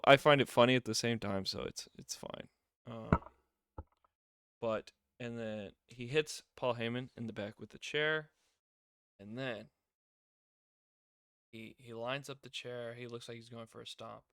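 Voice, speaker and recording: A young man talks through a wrestling recap in a loose, rambling way, full of fillers and sudden bursts of loud excitement. His voice is smooth and resonant, with a close, dry sound that has no room echo. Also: mid-range voice, moderate pace. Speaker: wrestling show reviewer. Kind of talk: casual recap review.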